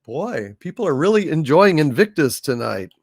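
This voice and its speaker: A man's voice: on the high side, moderate pace, dry recording, studio quality. A man hosting a casual livestream, reading out viewer messages and chatting about them. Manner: reads viewer messages aloud, chatty and lively. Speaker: livestream host.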